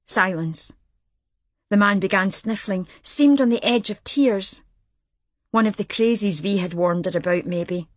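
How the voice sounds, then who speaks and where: A woman reads a novel aloud in a steady, measured way, at a pitch typical for a woman. The recording is close and dry, with no room around her. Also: dry recording. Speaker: audiobook narrator. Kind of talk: scripted narration.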